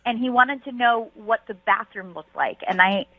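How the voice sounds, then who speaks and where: A woman's voice: on the high side, normal speed, narrow, tinny audio, background noise. A woman calling into a radio show, talking hesitantly and awkwardly with laughs. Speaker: caller.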